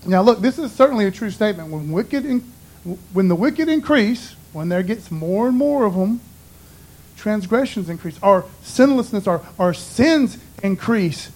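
A man's voice: sits high, lively intonation, normal speed, a little mellow, poor audio. A man giving an informal, conversational sermon in a folksy way, often dropping "man" and "you know". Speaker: preacher.

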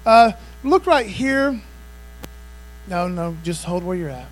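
A man's voice: high-pitched, expressive, slow, soft background music, poor audio. A man preaching a sermon, emphatic and casual, often checking in with "amen" and "man.". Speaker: pastor.

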